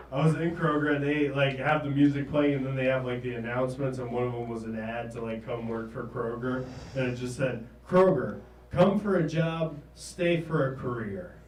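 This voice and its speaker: A man in his thirties from the American South doing a stand-up set, halting and trailing off, often chuckling at his own jokes. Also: medium pitch, fairly even intonation, a little mellow, a little hiss or hum. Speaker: stand-up comedian. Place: comedy stage in a small room. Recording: roomy, distant live room recording.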